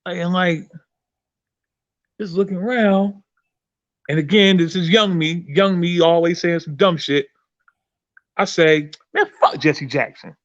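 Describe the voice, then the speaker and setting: Profane animated male storyteller. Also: high-pitched, measured pace, pauses often, no room sound, muffled recording. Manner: profane, animated, many restarts. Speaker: podcast host and performer. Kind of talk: casual chat, storytelling.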